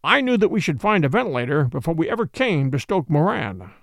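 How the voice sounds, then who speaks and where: A man voicing a brilliant, calm male detective who explains things in a measured way. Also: a little high, gravelly, no room sound, studio quality, heavily acted. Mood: grave, explaining.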